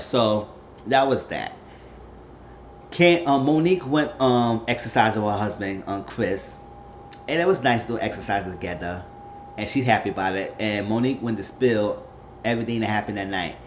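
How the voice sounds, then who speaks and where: Man, casual reality TV recap, rambling and slangy, echoey room, muffled sound. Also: medium pitch. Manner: chatty, slangy, rambling storytelling. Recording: roomy, dull recording with faint hiss.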